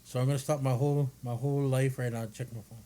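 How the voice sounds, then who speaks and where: A man's voice: medium pitch, little pitch movement, fast talker, warm tone. A man from Hawaii in his thirties, co-hosting a podcast in casual chat, joking, laughing and acting out quoted lines. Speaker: podcast co-host.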